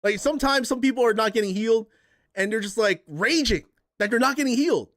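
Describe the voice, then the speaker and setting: A man's voice: very high voice, lively intonation, fast talker, a bit bright. A man hosting a casual gaming podcast, ranting in heated, profane bursts and repeating himself for emphasis. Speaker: podcast host.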